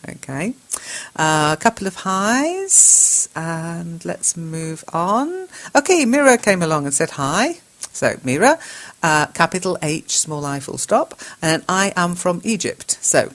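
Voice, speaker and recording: A woman's voice: on the low side, very animated, measured pace, fairly bright tone. An English woman hosting an English lesson, reading out learners' chat messages, correcting them and spelling words out patiently. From England. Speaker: English teacher and show host.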